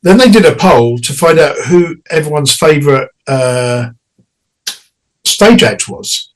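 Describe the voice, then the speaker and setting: A middle-aged singer, guesting in an interview, tells stories in a loose, chatty way, laughing, restarting and tossing in quick quoted voices. His voice is on the high side, and the recording is rough.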